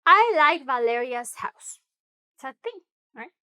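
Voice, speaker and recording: A woman teaching a casual Spanish lesson, switching between English and Spanish and slowly repeating example phrases. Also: high-pitched, very animated, sharp tone. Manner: chatty, thinks aloud with small asides.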